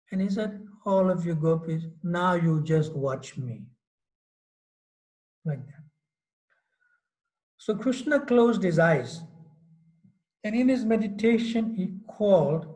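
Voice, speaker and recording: A man teaching a scripture class, retelling a story with lively acted-out quotes and frequent "you know" asides. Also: high voice, poor audio. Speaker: monk lecturer.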